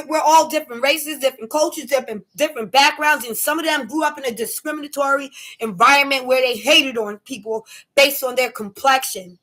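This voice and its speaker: A woman telling a story to camera in a casual rant, emphatic and animated, acting out her own shouts. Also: high voice. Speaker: vlogger.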